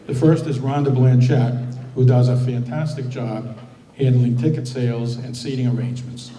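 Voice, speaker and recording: A man serving as president and emcee, giving a steady, prepared welcome speech at a hall of fame banquet. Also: mid-range voice. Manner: steady, reading prepared remarks. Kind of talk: formal ceremony speech. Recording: echoey banquet hall from far off.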